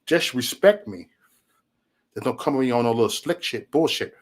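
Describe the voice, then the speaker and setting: A man's voice: mid-range voice, moderate pace. Man ranting casually on a livestream. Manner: profane, rambling, animated storytelling. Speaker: livestream host.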